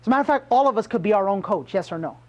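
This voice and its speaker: A sales trainer with a high, lively voice races through a motivational talk to a room of salespeople, emphatic and punchy as he fires questions at them. The sound is lo-fi.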